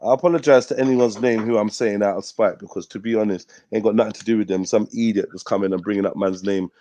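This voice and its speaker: A man's voice: lowish voice, fairly even intonation, fast, warm tone, no room sound. Blunt, swearing man. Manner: blunt, profane, streetwise slang. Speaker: host of a live news talk stream. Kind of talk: casual livestream rant.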